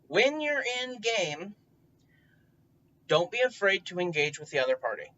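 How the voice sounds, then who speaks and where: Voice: medium pitch, very animated, measured pace, a bit bright. A tabletop game player casually giving advice in a rambling way, full of fillers, restarts and the odd swear word. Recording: dull distant recording.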